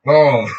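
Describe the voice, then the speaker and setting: A man's voice: on the high side, husky, dull audio. A man reading a book aloud in a casual way, often breaking off to joke, swear and laugh.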